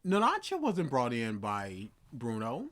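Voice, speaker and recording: A man co-hosting a casual commentary chat, loud and excitable, often mocking characters with put-on voices. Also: mid-range voice, a little slow. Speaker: co-host.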